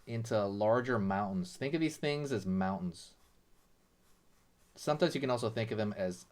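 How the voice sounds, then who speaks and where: A man hosting a drawing lesson, talking casually and explaining each step with lots of "you know" and "right". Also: on the low side. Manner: relaxed, chatty, many fillers like "you know" and "right". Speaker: drawing tutorial host.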